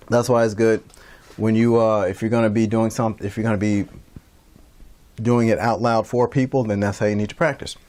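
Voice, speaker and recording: A man's voice: lowish voice, darkish tone. A man giving a recorded online lecture as an instructor, talking casually with many fillers and restarts.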